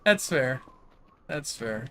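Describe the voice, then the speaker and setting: A man's voice: mid-range voice, lively intonation, slow pace, bright, forceful tone, slight background noise. An American man hosting a game stream, chatting casually, laughing often and exclaiming when startled. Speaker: streamer host. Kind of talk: casual gameplay commentary.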